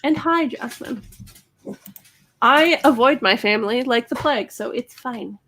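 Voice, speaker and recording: A woman's voice: fairly high pitch, unhurried, fairly bright tone, a little hiss or hum. An American woman in a casual video call chat, wry and self-mocking.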